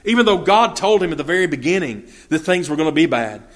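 Here a man with a voice on the high side talks fast and expressively while teaching scripture one verse at a time. He reads each text aloud, then unpacks it in folksy, plain speech that's dotted with fillers and restarts.

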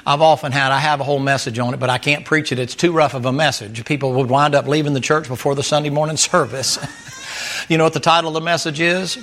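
Brief: male pastor, emphatic folksy sermon, bright ringing voice. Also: fairly high pitch, steady tone, fast talker. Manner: folksy, chuckling, repetitive, emphatic.

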